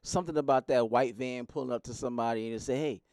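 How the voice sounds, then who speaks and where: A man in casual, crude banter, an animated storyteller who jumps into loud, high voices when quoting people. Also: fast talker, no room sound, clean studio sound.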